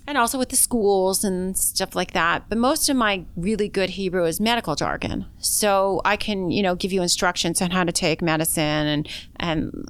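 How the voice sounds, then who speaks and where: A woman's voice: fairly low pitch, fairly bright tone, clear, resonant tone. A middle-aged woman from Canada, a doctor interviewed in a casual chat, talking frankly and plainly with self-deprecating humor.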